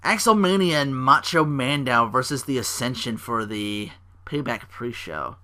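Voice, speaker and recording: A man hosting a casual podcast, recapping wrestling shows and acting out the wrestlers' lines in raised, louder voices. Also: mid-range voice, lively intonation, measured pace. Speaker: podcast host.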